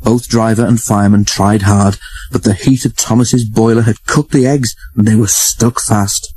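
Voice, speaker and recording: A man's voice: on the low side, normal speed, low-quality recording. Man reading a children's story. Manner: steady, storytelling. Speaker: narrator. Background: music.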